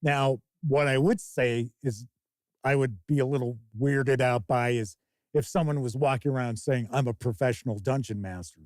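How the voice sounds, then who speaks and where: A man's voice: medium pitch, unhurried, no echo, clean studio sound. A man hosting a live tabletop-gaming stream, talking casually in a rambling way, with bursts of swearing. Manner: rambling, profane, animated mock quotes. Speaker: host.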